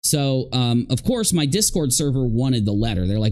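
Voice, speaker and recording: A man's voice: mid-range voice, moderate pace, a little mellow. A man talking casually on a livestream, rambling and indignant. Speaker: streamer in a played clip.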